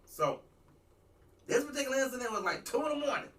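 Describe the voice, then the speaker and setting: A man, a talk show host, telling a rambling, animated story in a casual talk-radio monologue. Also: very high-pitched, fast, far from the mic. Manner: rambling, animated, restarts and asides.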